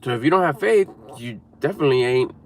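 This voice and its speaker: A man's voice: mid-range voice, lively intonation, fast talker, a little hiss or hum. A man giving an emphatic, repetitive motivational talk to camera, coaching viewers. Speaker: motivational speaker.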